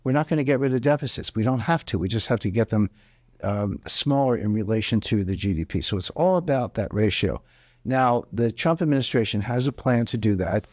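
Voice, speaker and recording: A man's voice: mid-range voice, expressive, fairly quick, darkish tone, dry recording, clean studio sound. A man giving interview answers on economics in an emphatic, explanatory way, hammering home his key points. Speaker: interview guest, economic commentator.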